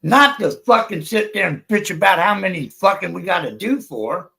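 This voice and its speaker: Man, high-pitched, gravelly, heated profane livestream rant. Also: lively intonation, moderate pace, sharp tone, low-quality recording. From United States. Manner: profane and heated, swears constantly. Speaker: livestream panelist.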